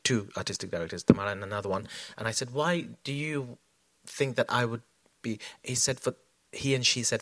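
A man's voice: lowish voice, a bit bright, no room sound. A man talking as a choreographer in an onstage conversation, reflective, with many fillers and restarts. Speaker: choreographer guest.

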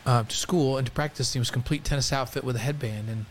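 A man in his sixties co-hosting a casual sports chat, telling lively stories and breaking into song, heard through a headset mic. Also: medium pitch, fast talker, a little hiss or hum. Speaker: co-host.

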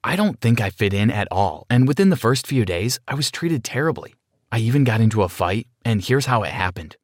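A male narrator reading a dramatic first-person story with a lively, rolling melody in his voice. He sits at a middle pitch, and the recording is dry and close with no room sound. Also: fairly quick, no echo.

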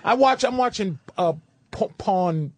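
A man's voice: high voice, expressive, measured pace, no room sound. A man hosting a casual podcast chat, profane and wisecracking with his guest. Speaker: host.

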